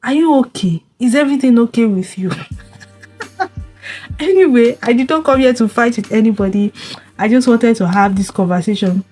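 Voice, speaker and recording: A woman's voice: fairly high pitch, moderate pace, warm tone, faint music behind. A young woman giving casual relationship advice to camera, firing off rhetorical questions and repeating herself. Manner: scolding rhetorical questions, repeats words, frequent laughs. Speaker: vlogger.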